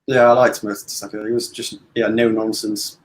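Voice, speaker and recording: Relaxed man chatting about football. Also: on the low side, moderate pace. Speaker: guest on a watch-along. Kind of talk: casual football chat.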